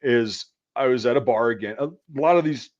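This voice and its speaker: A man in his thirties tells a war-veteran story in loose, profane podcast talk, acting out what others said. His voice sits at a middle pitch and comes through a somewhat muffled, lo-fi recording. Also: normal speed. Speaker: podcast host, military veteran. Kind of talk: casual chat, storytelling.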